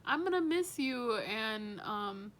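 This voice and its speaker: A woman's voice: on the high side, expressive, takes it slowly. A woman in her twenties, a teaching assistant, speaking a casual, chatty farewell message full of "you know" and "like". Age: 20s. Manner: warm, chatty, many fillers like "you know".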